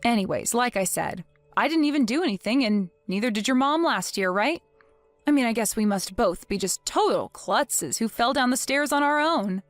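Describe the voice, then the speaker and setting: A woman's voice: fairly high pitch, expressive, moderate pace, no echo, soft background music, natural voice. A woman voicing a cold, vengeful young wife. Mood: scheming. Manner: cold, taunting, mock-innocent. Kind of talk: dramatized story narration.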